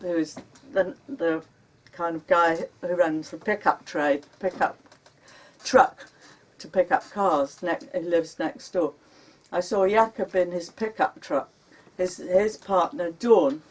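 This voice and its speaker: Brief: woman author, live bookshop reading, deliberate pace, distant mic. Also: fairly low pitch. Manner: unhurried, dramatic when quoting her panicked self. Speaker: author reading her memoir. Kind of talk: live reading of memoir prose. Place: bookshop launch event. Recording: recorded from a distance.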